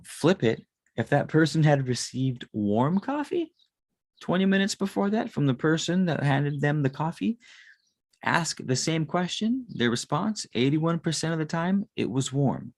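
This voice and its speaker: A man's voice: on the high side, sing-song, measured pace, dry recording. A man in his thirties, a tarot reader, talking in a casual, rambling monologue and swearing often. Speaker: tarot reader and spiritual consultant.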